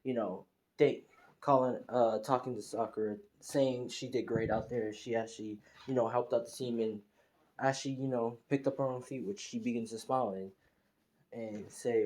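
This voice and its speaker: Rambling man with a mellow voice. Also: medium pitch, steady tone, moderate pace, poor audio. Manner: rambling, full of fillers and restarts. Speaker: fan storyteller. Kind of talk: casual improvised story retelling.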